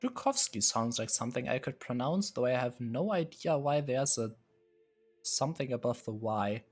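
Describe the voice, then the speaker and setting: A man's voice: mid-range voice, expressive, normal speed, breathy edge, soft background music. A man streaming live, casually musing and hesitating as he sets up a strategy game, chuckling often. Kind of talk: casual live gameplay commentary.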